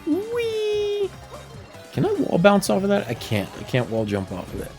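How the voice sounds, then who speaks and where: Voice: mid-range voice, huge pitch swings, fairly quick, vocal fry. A streamer chatting casually while playing a game, talking to themself and laughing often, with faint game music behind. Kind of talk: casual livestream chat while gaming.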